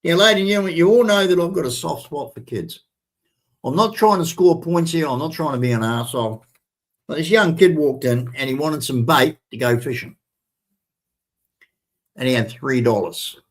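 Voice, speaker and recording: A man's voice: on the high side, animated, normal speed. An older man, telling a rambling story straight to his viewers in a chatty, repetitive way. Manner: chatty, repetitive, addresses viewers as ladies and gentlemen. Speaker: vlogger. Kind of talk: casual storytelling to camera.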